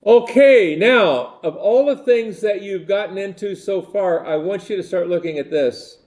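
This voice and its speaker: A man's voice: high-pitched, normal speed, a little mellow. An older man giving a rambling, conversational university lecture and repeating his phrases.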